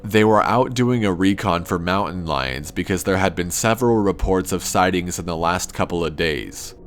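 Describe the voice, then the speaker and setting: A man calmly narrating a first-person horror story in a measured, scripted way. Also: deep voice, a little hiss or hum.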